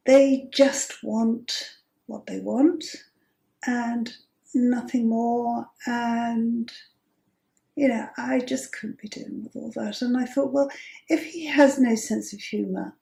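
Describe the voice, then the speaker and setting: A woman in her fifties telling a personal story as host, chatty and amused, with breathy asides. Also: fairly high pitch, dark tone, reverberant. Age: 50s.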